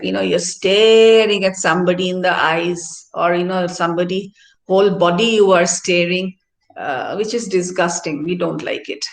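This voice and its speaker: A middle-aged woman, a professor giving a classroom lecture and often checking in with "all right?". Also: medium pitch. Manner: explanatory, asks tag questions like "no?" and "all right?". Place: university activity centre hall. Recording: roomy hall echo.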